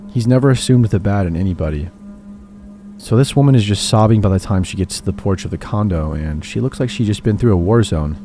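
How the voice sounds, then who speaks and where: A man with a low, dark voice reads a horror story aloud in a measured, steady way. Faint music plays under his narration. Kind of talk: scripted narration of horror stories. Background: faint background music.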